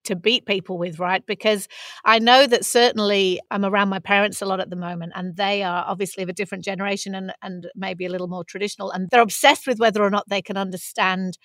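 A woman's voice: mid-range voice, steady tone, fast, a bit bright, no room sound. English woman co-hosting, dry close sound. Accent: English, Mancunian. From England. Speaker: podcast co-host. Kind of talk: casual panel chat.

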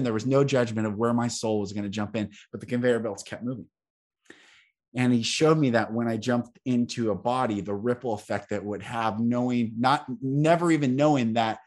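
A man's voice: medium pitch, fairly even intonation, normal speed, darkish tone. A man hosting a podcast who speaks fervently and repeats himself for emphasis in an emotional spiritual conversation. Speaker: podcast host.

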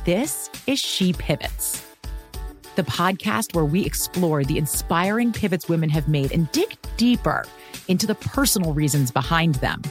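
Woman, podcast host, scripted promo, low-pitched, measured and earnest, soft music underneath.

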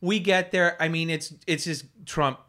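A man with a slightly high voice co-hosts a casual podcast. He recounts details in a plain, matter-of-fact way. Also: steady tone, a little slow, bright, forceful tone. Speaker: podcast co-host. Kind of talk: casual chat.

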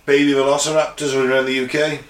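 A man with a fairly high voice, joking and teasing his way through a casual podcast chat with friends. His voice is caught in a reverberant room. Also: little pitch movement, quick pace. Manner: jokey, teasing banter. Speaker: podcast co-host. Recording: roomy recording.

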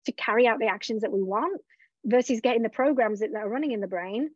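A woman's voice: a little high, fast talker, no echo. Candid, reflective woman coach, dull recording. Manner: reflective, open, quotes her own thoughts. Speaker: business coach. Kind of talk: candid conversational interview.

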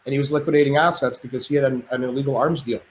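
A man guesting on a podcast tells stories very fast, his medium-pitched voice holding a steady tone. The delivery is loose and rambling with many restarted sentences, captured in a roomy space with faint noise.

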